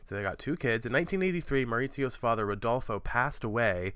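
A man in his thirties co-hosts a true-crime podcast, rambling cheerfully through his story with plenty of fillers and asides. His voice is bright and crisp, and it sits close on a dry mic with no room sound. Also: mid-range voice, animated, quick pace, no room sound. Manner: chatty, rambling with fillers and laughs. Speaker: podcast co-host. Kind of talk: casual true-crime chat.

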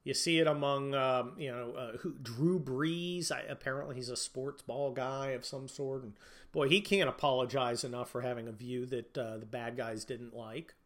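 A man's voice: mid-range voice, steady tone, normal speed, fairly bright tone. A man hosting a podcast, ranting about politics in a profane, sneering, mocking way. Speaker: podcast host.

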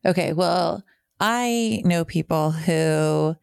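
A woman's voice: on the low side, slow, creaky, smooth, dry recording, clean studio sound. A young woman co-hosting a casual podcast, chatty, filling her talk with "like". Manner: chatty, heavy use of "like", laughs easily. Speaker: podcast co-host. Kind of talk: casual chat.

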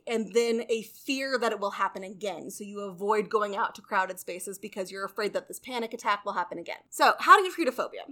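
A woman's voice: on the high side, sharp tone. A woman co-hosting a podcast, explaining facts in a casual way with playful asides. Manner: informative, quick asides, playful jokes. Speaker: podcast co-host.

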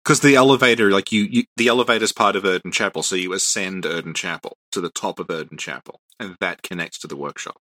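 A man's voice: low voice, fast talker, few pauses, pushed and bright, no echo. A man co-hosting a podcast, explaining game lore patiently in casual chat and laughing often. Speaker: podcast co-host.

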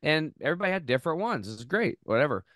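A man hosting a health podcast, earnestly telling an emotional story in a close, animated way with many restarts. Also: a little high, racing, no echo. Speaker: podcast host.

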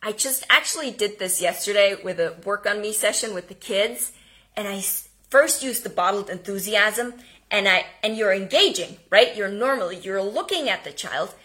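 A woman giving an energetic homeschooling lesson, speaking emphatically and now and then dropping to a whisper. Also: medium pitch, normal speed. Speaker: homeschooling teacher. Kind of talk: instructional talk.

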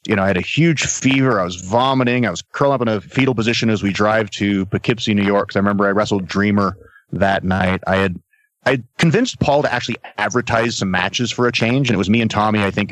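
Animated middle-aged man telling wrestling stories. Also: fairly low pitch, no room sound, rough recording. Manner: animated storyteller, acts out quotes. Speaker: podcast guest, former wrestler. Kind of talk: casual storytelling. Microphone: podcast mic.

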